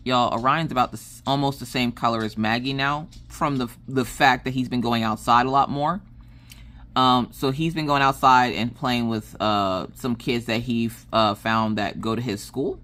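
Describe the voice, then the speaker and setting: A woman, chatting casually in a crafting vlog, telling stories in an animated way and acting out what people said. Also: extremely low pitch, moderate pace. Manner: animated storytelling, acts out quotes. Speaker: crafting vlogger. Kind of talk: casual chat while crafting.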